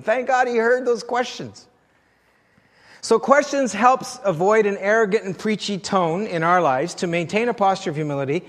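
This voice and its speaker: A man's voice: sits high, a bit bright, big-room sound. A male pastor preaching a sermon in a conversational, storytelling way, often chuckling.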